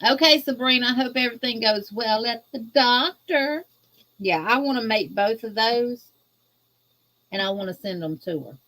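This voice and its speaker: A woman from Louisiana with a Southern accent, guest-hosting a crochet livestream and chatting casually with viewers, greeting them in a folksy, drawn-out way. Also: fairly high pitch, fairly bright tone. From Louisiana, USA. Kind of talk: casual livestream chat reading viewer comments.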